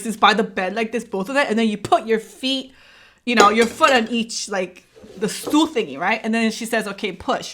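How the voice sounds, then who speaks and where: A woman's voice: a little high, a bit bright. A woman vlogger telling a personal story in a casual way. She acts out the dialogue and keeps checking in with "right?".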